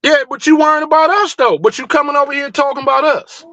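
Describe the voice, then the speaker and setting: A man's voice: very high-pitched, fast, fairly bright tone, no room sound, low-quality recording. A man hosting a livestream, ranting in a fired-up, blunt and profane way, full of rhetorical questions. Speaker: livestream host. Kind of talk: heated livestream rant.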